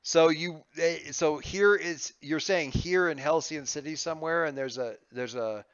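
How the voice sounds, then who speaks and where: A man running a tabletop game, chatting out of character, excitable and halting, with many restarts. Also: a little high, clean tone, dry recording. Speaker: game master. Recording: slightly muffled dry audio.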